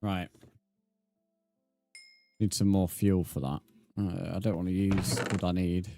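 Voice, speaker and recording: Speaking slowly in a low-sitting voice over music, a young Brit streams a game and chats casually with his audience. He reads their messages aloud and responds in a relaxed way, saying "mate."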